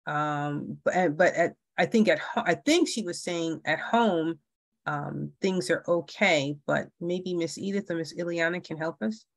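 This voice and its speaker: A woman's voice: on the low side, unhurried, no room sound. A woman leading an online parent workshop, talking with many fillers and restarts. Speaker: workshop facilitator.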